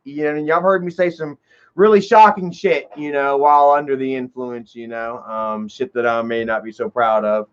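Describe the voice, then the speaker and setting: A man's voice: mid-range voice, fairly even intonation, normal speed, clear, resonant tone. Rambling, profane man on a livestream. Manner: profane, heavy on fillers like "you know"; greets live chat viewers mid-story. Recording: dull lo-fi livestream audio.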